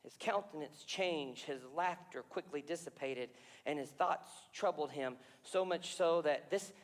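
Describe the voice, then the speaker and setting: Animated high-voiced man preaching. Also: a little slow. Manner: animated storytelling, confessional asides. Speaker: pastor. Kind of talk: sermon. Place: church sanctuary. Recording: reverberant church hall.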